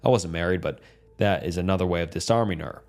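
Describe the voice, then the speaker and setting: A man reading a dark first-person horror story as a calm, steady scripted narration. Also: deep voice, fast talker, creaky.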